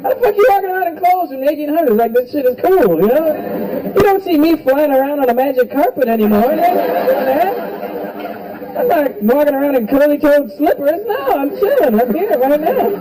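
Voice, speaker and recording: A man's voice: extremely high pitch, brisk, poor audio. A man doing a stand-up comedy set on a club stage, joking loosely and with a lot of swearing, working the crowd and doing voices. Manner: loose, profane crowd work with animated impressions. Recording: live club recording with crowd. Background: audience laughter.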